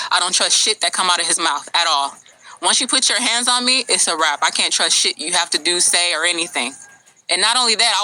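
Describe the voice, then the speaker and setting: A woman's voice: medium pitch, poor audio. An upset woman venting bluntly and with heavy profanity to her viewers, recorded on a cheap phone. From United States. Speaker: vlogger. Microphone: low-budget phone. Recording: loud background noise on a cheap phone.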